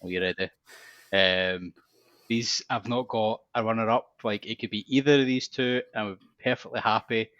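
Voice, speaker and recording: Deep man, dull dry sound. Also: fairly even intonation, normal speed, a bit bright, no echo. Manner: blunt, jokey, short interjections. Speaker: podcast guest. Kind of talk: casual chat.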